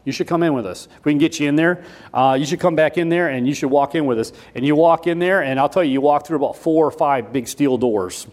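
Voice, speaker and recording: A man preaching a sermon in a folksy, repetitive way, switching between loud emphasis and quiet asides. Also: on the high side, fast talker. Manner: folksy, repeats himself with restarts.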